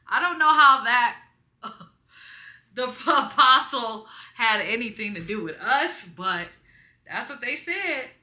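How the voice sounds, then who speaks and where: Bright, chatty young woman in a roomy room. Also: fairly high pitch, takes it slowly. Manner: chatty, rambling, lively asides to viewers. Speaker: beauty vlogger. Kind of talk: casual storytime chat while doing makeup. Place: small room at home by a window with blinds. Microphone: camera in front of her.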